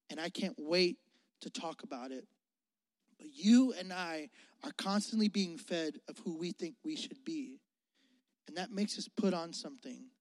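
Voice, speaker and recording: Give me a high-voiced, earnest man preaching. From Mississippi. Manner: earnest, repetitive, swings between loud emphasis and hushed intimacy. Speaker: youth pastor. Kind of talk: youth sermon. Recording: dry sound with a long hall reverb.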